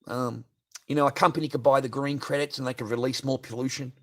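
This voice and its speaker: A man's voice: mid-range voice, steady tone, fast. A man on a livestream, ranting profanely and asking "right?" again and again. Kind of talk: unscripted livestream rant.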